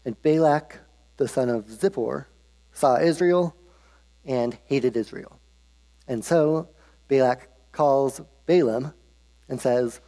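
A man's voice: medium pitch, slow pace, pauses often, mellow. Guy preaching, laid back and jokey, echoey hall. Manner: casual, humorous, with restarts. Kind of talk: casual Bible storytelling sermon. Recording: long reverb of a hall.

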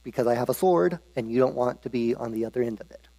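A man's voice: mid-range voice, fast, mellow, lightly acted. A man playing a bossy, threatening king. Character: bullying, threatening male king. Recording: long reverb of a hall.

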